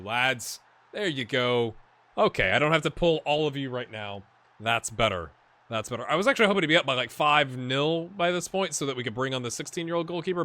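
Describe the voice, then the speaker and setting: Bright, chatty man commentating his game. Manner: chatty, reacts excitedly to match highlights. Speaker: gaming video host. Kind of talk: live commentary while playing a football management game.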